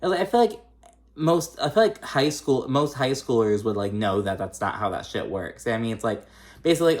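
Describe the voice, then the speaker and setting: A man's voice: medium pitch, big pitch swings, brisk, a little mellow. A man giving a casual recap of a reality TV episode, chatty and profane, with lots of fillers and shady asides.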